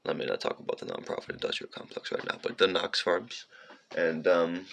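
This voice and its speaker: A man's voice: low voice, fairly quick, gravelly, slight background noise. A man telling a rambling personal story in a casual, profane way, sometimes breaking off to talk to his cat. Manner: profane, meandering, animated, talks aside to his cat.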